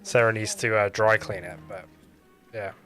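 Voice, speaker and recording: A man's voice: lowish voice, steady tone, moderate pace, sharp tone, soft background music. A young British man giving casual, joking commentary while streaming a game, chatting and interrupting himself.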